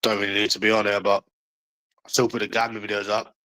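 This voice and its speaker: A man's voice: fairly low pitch, level tone, quick pace, pushed and bright, low-quality recording. A man with a London accent chatting casually to viewers on a livestream, blunt and mocking, swearing often.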